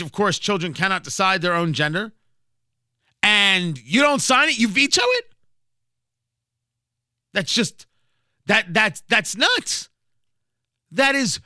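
A man's voice: high-pitched, bright, forceful tone, dry recording. Male talk-radio host, combative and emphatic, piercing tone, dead-dry studio sound. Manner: combative, emphatic, sarcastic asides. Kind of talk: opinionated political commentary.

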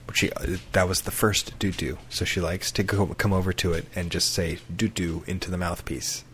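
A man's voice: low-pitched, fairly even intonation, normal speed, a bit bright, breathy edge. A man in his thirties, a podcast co-host, telling rambling stories in easygoing casual chat.

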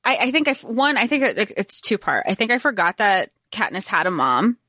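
A woman's voice: medium pitch, very animated, a little fast, bright, forceful tone, dry recording, studio quality. A woman co-hosting a podcast, chatting casually about a movie and chiming in with wry, jokey asides. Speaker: podcast co-host. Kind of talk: casual chat recapping a movie.

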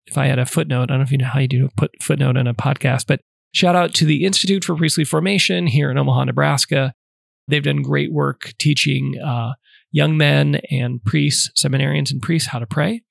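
A man hosting a podcast, calmly teaching prayer in numbered steps with a casual, conversational manner. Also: mid-range voice, fairly quick, gravelly, dry recording, studio quality. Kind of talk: casual instructional talk.

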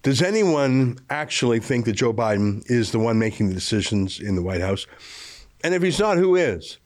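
A man's voice: mid-range voice, sing-song, normal speed, a little mellow. A man hosting a political commentary show, delivering scripted remarks in a scornful, emphatic way.

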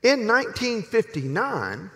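A man in his sixties, a pastor, giving a sermon as humorous, folksy storytelling with long pauses. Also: high-pitched, huge pitch swings, bright, forceful tone. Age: 60s. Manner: folksy, joking, drawn-out pauses. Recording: reverberant hall.

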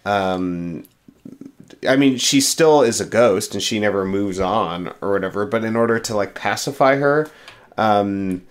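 A man co-hosting a casual chat, speaking haltingly with many fillers. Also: on the low side.

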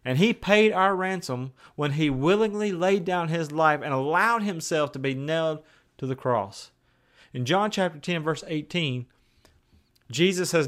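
A man preaching a sermon in a conversational way. He moves between raised, emphatic declarations and hushed, slow asides. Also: a little high. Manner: conversational, with plain everyday phrases.

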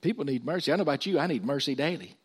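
A man preaching a sermon as pastor, lifting his voice when he reads scripture and dropping low and quiet for asides. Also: lively intonation, rapid-fire, breathy edge.

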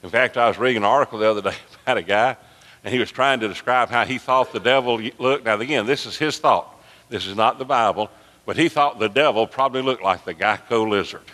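A pastor preaching with fervor, his bright, forceful voice swelling toward near-shouts. He is recorded in a church sanctuary whose long reverb trails each phrase. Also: mid-range voice, fast. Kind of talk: sermon.

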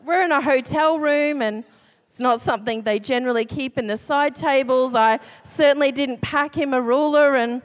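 A woman in her thirties telling a funny personal anecdote in an animated, self-deprecating way. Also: high-pitched, normal speed. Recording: long hall reverb.

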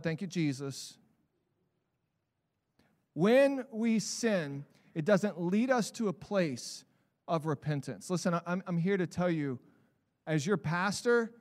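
A male pastor preaching to his congregation with a high, light voice. He swings between quiet, reflective asides and fired-up bursts, sometimes shouting a point home or mimicking people for effect. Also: in a large hall. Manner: animated preaching, builds to shouts, mock voices for examples. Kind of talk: sermon. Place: church sanctuary.

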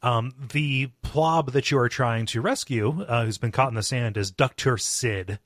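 A man's voice: mid-range voice, a little slow, a bit bright, no echo, studio quality. A man co-hosting a podcast in casual chat, laid-back and joking, laughing often. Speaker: podcast co-host.

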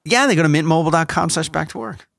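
A man from the United States co-hosting a casual podcast, relaxed and laughing easily, reading an ad in a loose way. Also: a little high, racing, vocal fry, no echo, studio quality. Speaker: podcast co-host. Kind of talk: casual chat with a read ad.

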